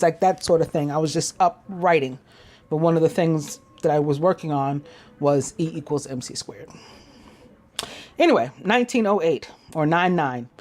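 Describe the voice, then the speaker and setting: A woman's voice: on the low side, a little mellow. A woman hosting a spiritual daily reading, chatty and rambling, musing on number meanings between date facts. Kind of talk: casual solo reading of date facts and numerology.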